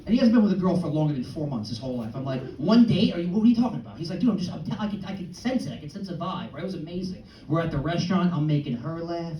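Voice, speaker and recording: A man's voice: fairly high pitch, animated, rapid-fire, few pauses, muffled recording, slight background noise. A man in his early thirties performing a brash, crude stand-up set in a comedy club, with punchy outbursts. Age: early 30s. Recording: roomy club sound from a distance with audience. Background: audience laughter and club ambience.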